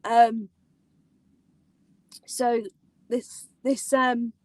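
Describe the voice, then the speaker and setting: Giggly high-voiced woman hosting a chat. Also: a little slow, long pauses, no echo, poor audio. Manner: excitable, giggly, rambling with many fillers. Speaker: host of a live theme park chat. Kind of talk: casual live-stream chat.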